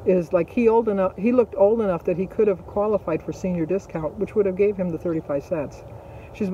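Middle-aged man, high and mellow, chatty vlog storyteller, dull lo-fi audio. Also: brisk, slight background noise. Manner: chatty, rambling, with frequent fillers. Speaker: vlogger. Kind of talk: casual storytelling.

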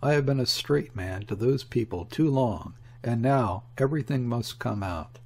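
A man reading the lines of a gloomy, desperate conspirator with a husky voice, in an audiobook. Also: mid-range voice, lively intonation, normal speed, darkish tone. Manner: gloomy and bitter. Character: gloomy desperate middle-aged male conspirator.

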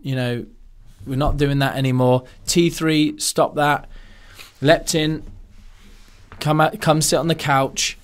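A man's voice: fairly high pitch, steady tone, slow, pauses often. A bossy, panicky crew chief who stands for the human body, put on by a man, barking urgent orders at his team. The voice stays close to an everyday male voice. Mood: alarmed, bossy.

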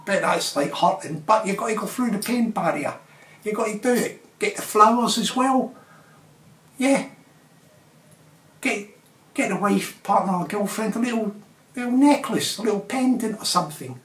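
A man's voice: high voice, moderate pace, long pauses. A man vlogging in a rambling, casual monologue, chuckling and tacking on tag questions. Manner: chatty, repeats tag questions, chuckles often. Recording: roomy, distant from the mic.

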